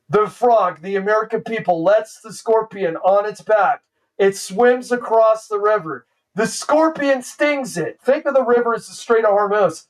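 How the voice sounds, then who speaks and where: A man's voice: high-pitched, a little slow, far from the mic, poor audio. A male streamer ranting in a sarcastic, exasperated, mocking way. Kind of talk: ranting commentary.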